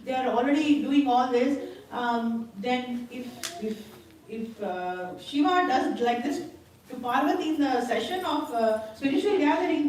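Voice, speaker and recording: A woman's voice: high voice, expressive, measured pace, a little mellow. A woman giving a scripture class in a temple hall, retelling a story with acted quotes and bursts of laughter. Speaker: spiritual class speaker. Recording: very echoey hall, voice from far off.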